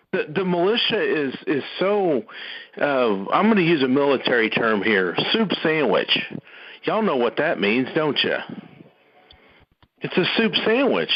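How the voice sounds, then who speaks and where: A man giving a folksy, emphatic talk on a conference call, with "y'all" and frequent restarts. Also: fairly high pitch. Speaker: caller speaking on a conference call. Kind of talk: impassioned speech on a call. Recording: dull, muffled phone-call audio.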